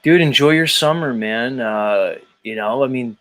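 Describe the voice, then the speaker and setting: A man's voice: medium pitch, a little slow, a bit bright. A man hosting a livestream, chatting casually in a teasing, rambling way with many fillers. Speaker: host.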